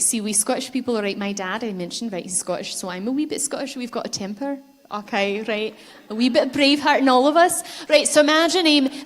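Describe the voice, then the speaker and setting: A woman giving a conference keynote speech, telling stories in a lively way and putting questions to the audience. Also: on the high side. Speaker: keynote speaker. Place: conference stage before a live audience.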